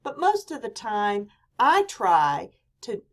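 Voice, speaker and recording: A woman with a softened Southern US mountain accent lectures on public speaking. She speaks in a clear, deliberate teaching manner. She stresses important words firmly as she explains each point. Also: on the high side, huge pitch swings. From Southern US mountain region. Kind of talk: recorded classroom lecture.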